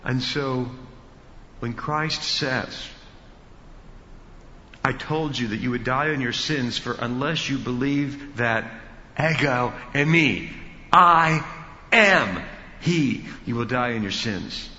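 A male pastor teaching an expository sermon, emphatic and building to loud peaks. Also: mid-range voice, fairly even intonation, slow pace, pauses often, a little hiss or hum. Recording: dull reverberant hall sound.

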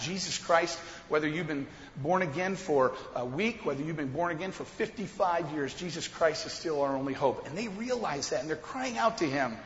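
A man preaching a sermon as a pastor, asking the congregation questions and building up to loud emphasis. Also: high-pitched. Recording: echoey hall, dull lo-fi sound.

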